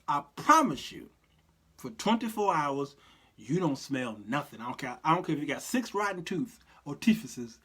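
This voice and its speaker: A man hosting his own show in a casual, preacherly monologue, folksy and quick to laugh. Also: a little high, fairly bright tone, husky. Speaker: show host.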